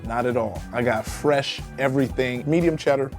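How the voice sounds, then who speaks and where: A man's voice: medium pitch, normal speed, faint music behind. A man talking casually to camera about the dish he cooked, confident and detailed. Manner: confident, describes his cooking in detail. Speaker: home cook in a contest.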